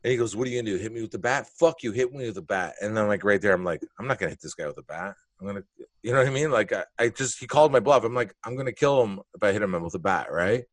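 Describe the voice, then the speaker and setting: A man's voice: lowish voice, rapid-fire, dry recording. A man telling a story in casual conversation, swearing freely and acting out the other people's lines. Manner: animated, profane, acts out quotes.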